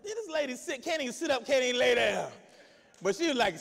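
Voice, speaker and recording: A male pastor preaching an exuberant sermon, shouting and calling out to his congregation for responses. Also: very high voice, fast, long reverb tail. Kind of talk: lively sermon with call and response.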